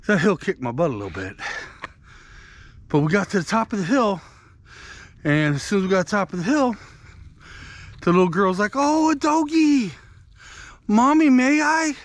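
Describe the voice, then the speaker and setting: A man's voice: high voice, very animated, fairly quick, long pauses, no room sound. A man vlogging outdoors on a country walk, telling a rambling, conversational story to his viewers. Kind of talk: casual storytelling while walking.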